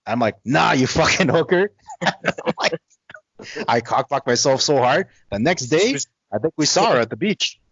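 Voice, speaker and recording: A man co-hosting a casual podcast, telling a loose, rambling story full of fillers and laughs. His voice sits at an everyday middle pitch and is recorded dry and close. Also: big pitch swings, normal speed, fairly bright tone, breathy edge, no room sound. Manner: rambling, laughing, lots of "like" and repeated words. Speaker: podcast co-host.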